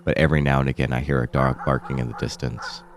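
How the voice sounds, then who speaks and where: A man with a sick, rough-sounding voice, telling a first-person horror story in a low, somber way as a horror channel host. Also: little pitch movement, quick pace, soft background music.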